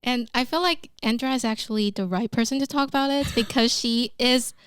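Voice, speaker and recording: Giggly woman with a high, smooth voice. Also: brisk, a bit bright, no echo, studio quality. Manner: giggly, chatty, frequent fillers. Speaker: podcast host. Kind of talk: casual podcast chat. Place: recording studio.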